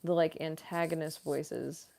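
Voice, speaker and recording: A woman's voice: deep voice, level tone, a little slow, gravelly, warm tone. A young adult woman, a voice actress, chatting casually on a live-stream Q&A, giggly and full of "like" fillers.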